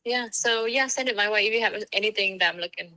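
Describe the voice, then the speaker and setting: Bright-voiced woman, brief and matter-of-fact. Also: medium pitch, quick pace, no echo, rough recording. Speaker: home builder on a phone call. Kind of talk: casual phone conversation.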